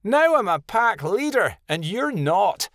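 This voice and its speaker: Man voicing young she-wolf, bragging, haughty, very high voice, storybook. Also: sing-song, slow pace, a bit bright, no echo, clean studio sound, heavily acted. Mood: boastful. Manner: boastful, snappish.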